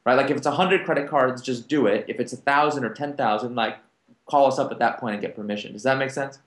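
A man speaking on a conference panel, telling business anecdotes and acting out the other people's lines in lively back-and-forth. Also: medium pitch, fast talker, reverberant. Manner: animated, acts out quoted dialogue. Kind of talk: anecdotal storytelling to an audience.

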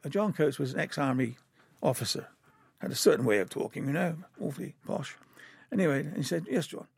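A man's voice: a little high, expressive, a little fast, gravelly, breathy edge, no room sound. An older man from England, an animator, telling rambling, chuckling anecdotes in an interview.

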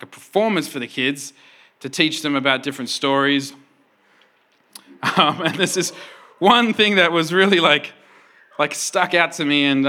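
Bright-voiced male pastor telling a story. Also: medium pitch. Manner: storytelling, animated, laughing often. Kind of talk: sermon.

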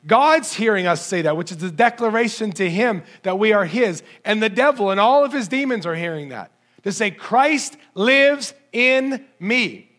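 High-voiced man preaching a lively sermon. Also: a little fast. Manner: animated, sweeping between low and high pitch when quoting scripture; audience-addressing with rhetorical questions.

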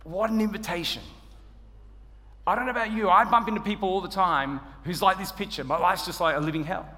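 High-voiced Australian preacher in a hall. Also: male voice, a little fast. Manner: humorous, self-deprecating, animated storytelling. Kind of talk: sermon. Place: church hall. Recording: church hall reverb.

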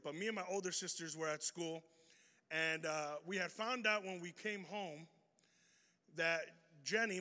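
A man preaching an energetic sermon, telling a story and swinging between loud bursts and hushed lines. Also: a little high. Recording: reverberant hall.

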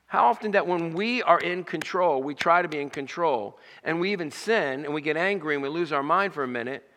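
A man preaches a sermon in a high, bright voice. He reads scripture and acts out its quoted lines with rising emphasis. A long reverb hangs around his voice, as in a large hall. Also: brisk. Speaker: pastor.

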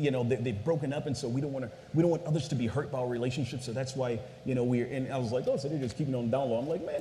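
Dark-voiced man preaching in echoey hall. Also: medium pitch. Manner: chatty, storytelling, keeps saying "you guys". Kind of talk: sermon. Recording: echoey hall with faint noise.

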